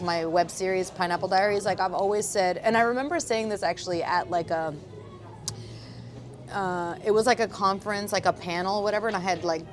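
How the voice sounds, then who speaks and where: A woman in her thirties from Boston, a screenwriter talking casually as an interview guest, rambling with lots of fillers. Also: medium pitch. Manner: rambling, lots of "like" and "um", laughs easily.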